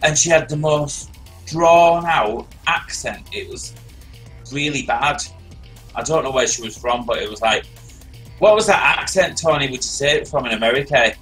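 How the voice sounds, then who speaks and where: A man tells a long story in a loose, rambling way, often repeating words. His voice is bright and forceful, and faint music plays behind him. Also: mid-range voice, normal speed, low-quality recording. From Britain. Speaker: stream host. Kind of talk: casual storytelling chat. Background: faint background music.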